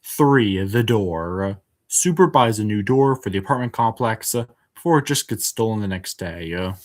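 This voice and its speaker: A man's voice: lowish voice, expressive, moderate pace. Guy doing a casual show review, keeps restarting and saying uh, frank and fed up. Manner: hesitant, many filler words and restarts; frank and exasperated. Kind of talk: casual spoken episode review.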